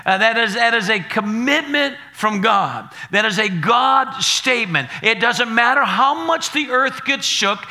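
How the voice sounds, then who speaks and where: A pastor preaching a sermon in a high, very bright voice. He drives his points home with rhythmic repetition and climbs to shouted declarations. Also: animated, a little slow, few pauses.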